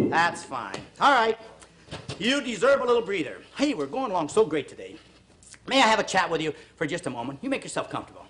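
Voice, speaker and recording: Background noise accompanies a man whose high-pitched voice swoops wildly as he talks a little fast. He hosts a televised workout, counting reps, encouraging viewers and launching into earnest, preachy pep talks.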